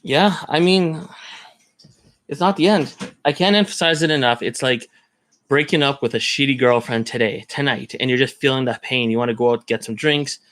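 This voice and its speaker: A man's voice: mid-range voice, fairly quick, a bit bright. A man rambling in casual live-stream chat, thinking aloud as he browses card listings. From Canada.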